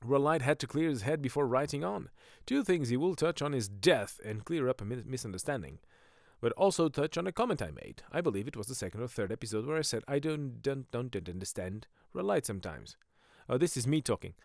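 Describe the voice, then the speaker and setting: Rambling, self-mocking man with a lively voice. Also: medium pitch, quick pace, creaky, dry recording, studio quality. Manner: jokey, self-mocking, goes off on tangents. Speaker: podcast host and comedian. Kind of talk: rambling comic monologue.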